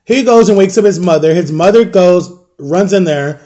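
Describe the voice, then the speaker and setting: A man in his thirties telling a personal story in a casual vlog, animated and acting out the people in it. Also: sits high, normal speed, muffled recording. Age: 30s. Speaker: storytime vlogger.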